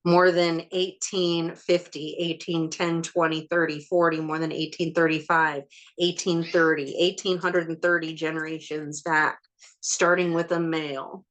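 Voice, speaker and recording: An ancestral healing facilitator works methodically through long lists of numbers, keeping her manner calm and matter-of-fact. She has a fairly low voice and a measured pace.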